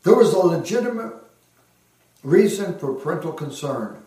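A man preaching as a pastor, earnest and emphatic, slowing down to give phrases weight. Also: on the high side, sing-song, mellow. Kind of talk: sermon. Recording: very echoey hall, heard from a distance.

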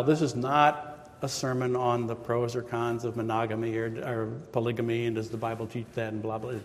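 A pastor giving a sermon, retelling the story in a casual, chatty way with quoted voices. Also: male voice, mid-range voice, little pitch movement, moderate pace, a little mellow. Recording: reverberant hall.

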